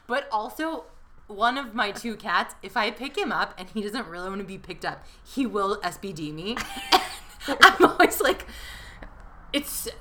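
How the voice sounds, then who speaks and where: A woman co-hosting a podcast, chatting casually with quick asides, laughter and playful put-on voices. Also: medium pitch, animated, bright, forceful tone. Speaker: podcast co-host. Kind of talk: casual chat.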